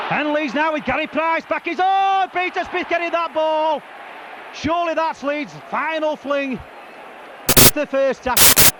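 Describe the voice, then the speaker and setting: A man giving excitable, partisan live rugby league commentary, hoarse from shouting at an outdoor ground. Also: extremely high pitch, lo-fi sound. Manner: excitable, partisan, rattling off player names. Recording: noisy outdoor broadcast.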